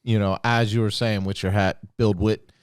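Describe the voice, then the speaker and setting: A man hosting a podcast in casual chat, excitable and heavy on profanity. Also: on the low side, normal speed, smooth, dry recording, clean studio sound. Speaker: podcast host.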